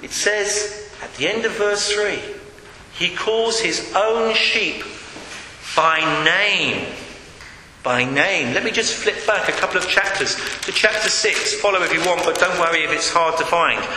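A man's voice: high-pitched, normal speed, pushed and bright, a little hiss or hum. A man preaching an earnest sermon, rising into calls and appeals, in a church hall. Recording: echoey hall with long reverb.

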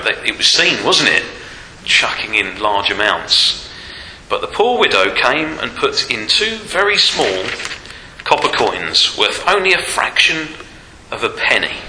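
A male preacher giving a Sunday sermon, asking rhetorical tag questions and pausing on fillers, in a church hall with a long reverb. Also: medium pitch, sing-song, bright, forceful tone. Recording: roomy hall reverb, faint noise.

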